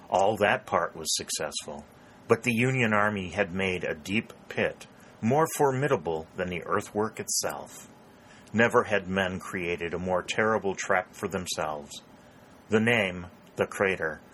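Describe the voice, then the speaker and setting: A man narrating a novel in a steady, measured reading. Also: sits low, slight background noise. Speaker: audiobook narrator. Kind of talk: scripted narration.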